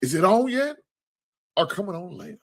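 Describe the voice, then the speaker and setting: A man with a high, very animated voice hosts a casual sports talk livestream, speaking a little fast. He jokes around, swears freely, and thanks viewers for their donations.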